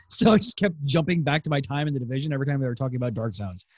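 A man co-hosting a casual podcast, recapping a TV episode with laughter, swearing and quick quoted asides. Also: medium pitch, no room sound, clean studio sound. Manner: animated, laughing, swearing, quoting characters. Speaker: podcast co-host.

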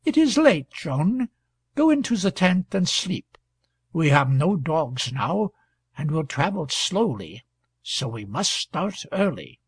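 A man's voice: very animated, slow, breathy edge, dry recording, full character voice. Weary old backwoods father, read by a man. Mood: firm. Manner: low, weary and plain-spoken.

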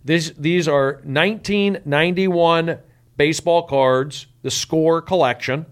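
A man hosting a comedy podcast, bossy and exasperated, repeatedly telling the others to slow down. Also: a little high, smooth. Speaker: podcast host. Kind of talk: casual comedy podcast banter.

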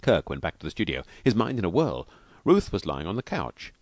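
A man reading a novel aloud as an audiobook with expressive delivery. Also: sits low, a little fast, no room sound. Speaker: audiobook reader. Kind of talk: audiobook narration.

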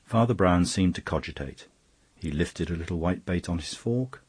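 A man reads a story aloud for an audiobook, keeping his narration measured and even. His voice is deep and carries a husky grain. The recording is close and dry, with no room sound. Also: no echo. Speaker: audiobook reader. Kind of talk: scripted narration.

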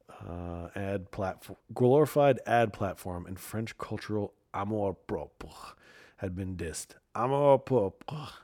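Guy rambling sarcastically on a podcast, lowish mellow voice, dry close sound. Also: dry recording. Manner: rambling, sarcastic, mutters asides. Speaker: podcast host. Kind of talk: casual commentary and news reading.

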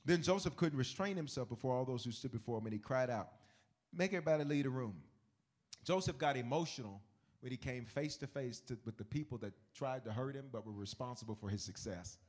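A male preacher with a medium-pitched voice speaks fast in a lively, colloquial sermon. He often shouts and laughs as he builds toward his points.

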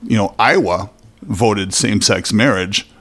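A middle-aged man from Minnesota chatting casually on a podcast, telling stories in halting runs full of fillers and restarts. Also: on the low side, a bit bright. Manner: rambling, halting storyteller with many fillers. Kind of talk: casual chat.

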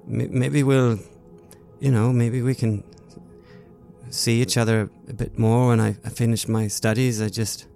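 A man's voice: medium pitch, level tone, unhurried, creaky, mellow, soft background music. A man playing a tabletop role-playing game in character, stammering and hesitant. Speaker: player.

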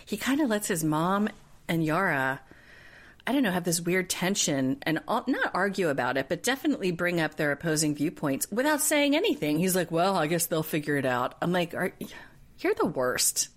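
Low-voiced chatty woman podcast host. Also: a little fast. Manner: chatty, animated retelling with put-on quotes. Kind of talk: casual chat recapping a reality show.

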